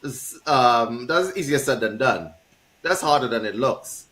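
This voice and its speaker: A man hosting a conversational podcast, asking questions in a relaxed way and laughing now and then. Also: medium pitch, unhurried. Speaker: podcast host. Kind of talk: casual interview chat. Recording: roomy echo.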